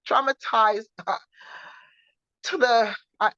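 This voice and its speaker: A woman co-hosting a faith show, recounting her personal testimony in an earnest, halting way with many restarts. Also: a little high, steady tone, bright, forceful tone, no room sound. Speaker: co-host sharing her testimony. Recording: dull, muffled sound.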